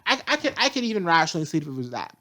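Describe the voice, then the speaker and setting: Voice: medium pitch, sing-song, rapid-fire, pushed and bright. A show reviewer ranting casually and profanely, piling up repeated rhetorical questions.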